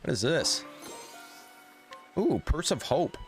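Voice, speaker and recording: A man's voice: fairly high pitch, big pitch swings, slow pace, soft background music. A man streaming a video game, reading its text aloud with casual, joking asides. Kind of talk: casual let's-play commentary.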